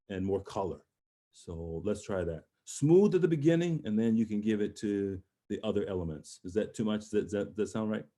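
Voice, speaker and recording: A middle-aged man coaching a singer over a video call, his voice mellow and warm in tone. He talks through phrasing in an encouraging way and now and then sings a short line to show it. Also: lowish voice. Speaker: voice teacher giving a master class. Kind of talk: online master class coaching.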